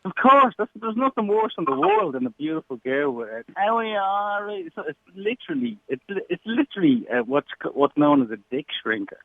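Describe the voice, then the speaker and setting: A man with a South Dublin Irish accent speaks in a slightly high voice, blunt and condescending. His voice comes down a thin, tinny phone line with no room sound. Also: big pitch swings, fairly quick, creaky, few pauses, dry recording. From Ireland. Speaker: caller. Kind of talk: heated radio phone-in argument.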